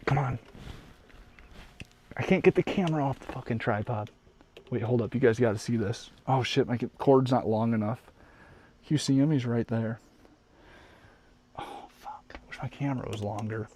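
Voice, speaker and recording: A man live-streaming from inside his van, chatting casually with viewers and his dog, excitable and swearing freely. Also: medium pitch, normal speed, long pauses, a little hiss or hum. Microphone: desk mic.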